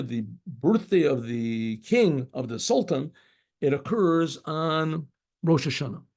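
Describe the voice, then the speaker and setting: A rabbi spins a story aloud in a loose, conversational way, circling back and imitating the sounds he describes. His voice is gravelly with a mellow, darker tone, pitched a bit above the usual for a man. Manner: rambling, conversational, acts out shofar blasts. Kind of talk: spoken storytelling.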